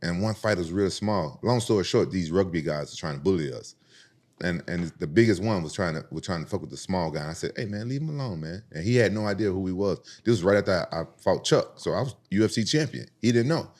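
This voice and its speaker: A man from Memphis with a drawl talks quickly in a low register. He tells profane, animated street-fight stories as a podcast guest and jumps high in pitch to quote the people in them. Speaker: podcast guest, former UFC champion. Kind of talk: casual storytelling.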